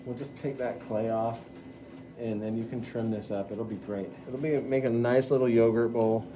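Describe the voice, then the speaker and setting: A man's voice: mid-range voice, steady tone, normal speed, mellow, slight background noise. A middle-aged man teaching pottery at the wheel, chatty and talking students through each step. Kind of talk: live wheel-throwing demonstration.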